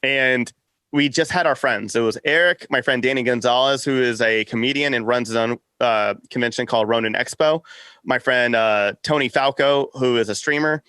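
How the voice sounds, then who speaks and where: A man in an interview, telling stories in a lively way, acting out quotes and laughing often. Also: mid-range voice, normal speed, smooth, dry recording. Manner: animated storyteller, acts out quotes, laughs often. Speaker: podcast network founder, guest. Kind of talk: casual interview chat.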